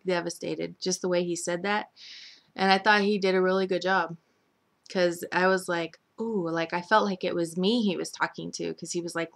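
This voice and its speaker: A woman's voice: lowish voice, creaky, fairly bright tone. A young woman chattily recapping a soap opera week, full of "like" and "um" fillers, briefly mimicking the characters. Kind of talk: casual recap chat.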